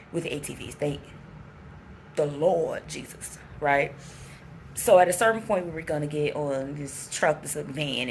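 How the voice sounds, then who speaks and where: A woman's voice: lowish voice, slight background noise. A woman travel vlogger giving a chatty, rambling recap to the camera. She restarts her sentences often and exclaims as she tells the story. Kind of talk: casual trip recap to camera.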